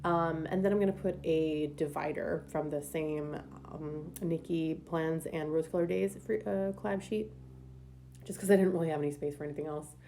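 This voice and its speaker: A young woman chats through her weekly planner layout in an easygoing, rambling way, stopping often for ums and likes. Her voice sits low and sounds dark, with a gravelly edge. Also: fairly even intonation, normal speed, slight background noise. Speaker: planner vlogger. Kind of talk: casual planner decorating voice-over.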